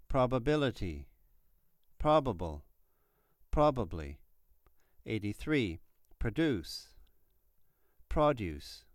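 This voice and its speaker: A man reading numbered word lists aloud for a pronunciation lesson, slowly and deliberately, each word clearly articulated. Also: fairly low pitch, no room sound, clean studio sound. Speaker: pronunciation teacher.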